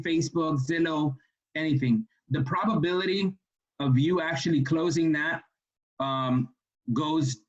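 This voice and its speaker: A man's voice: on the high side, husky, dull audio. A man giving a casual training talk, full of fillers and restarts. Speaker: real estate trainer.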